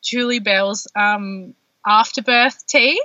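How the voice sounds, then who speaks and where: A woman, a podcast guest telling her personal birth story in an animated way, full of fillers. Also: medium pitch, takes it slowly, dry recording. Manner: animated, heavy use of filler words. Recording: dull lo-fi dry sound.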